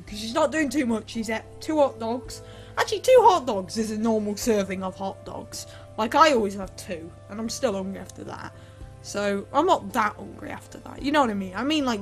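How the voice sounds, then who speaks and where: A woman giving chatty, excitable Let's Play commentary into a desktop mic, breaking into sudden shrieks and humming. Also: medium pitch.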